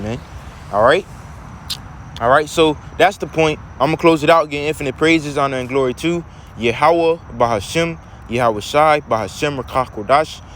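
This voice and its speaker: A man's voice: fairly high pitch, slight background noise. A man teaching from scripture in a preaching manner who keeps asking rhetorical questions.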